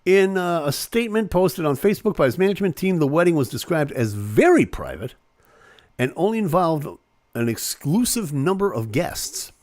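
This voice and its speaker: A man's voice: a little high, sing-song, moderate pace, darkish tone, no echo, studio quality. A man hosting a live online show, casually reading celebrity news aloud with playful jokes and asides.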